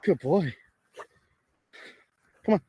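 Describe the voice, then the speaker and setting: A Californian man hosts a casual outdoor live-stream vlog, chatty and excitable, occasionally swearing while coaxing his dog along. He speaks very slowly, and there's no echo.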